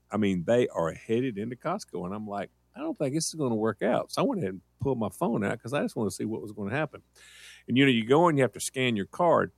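A man, co-hosting and telling stories in a lively, chuckling way. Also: lowish voice, no echo, studio quality. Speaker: radio co-host. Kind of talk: casual storytelling.

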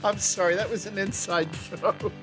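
A man's voice: sits high, steady tone, normal speed, a bit bright, soft background music, low-quality recording. A man co-hosting a radio show, bantering and reading a sing-song store promo.

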